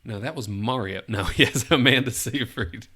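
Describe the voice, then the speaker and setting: Hosting a laid-back movie podcast, this man has a husky, medium-pitched voice with a sharp edge and a moderate pace. He keeps things jokey during a guessing game, offering playful hints and frequent laughter.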